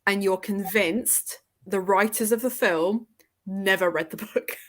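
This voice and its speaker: A woman chats easily while hosting a reading livestream. She reads out viewer comments as she goes and breaks into laughter a lot. Her pitch sits in a middle range. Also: unhurried. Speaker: livestream host. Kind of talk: casual chat.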